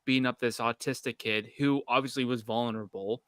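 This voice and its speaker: A man's voice: mid-range voice, steady tone, brisk, a bit bright, dry recording. A man from Canada hosting a casual podcast, rambling in a heated, profane way. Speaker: podcast host.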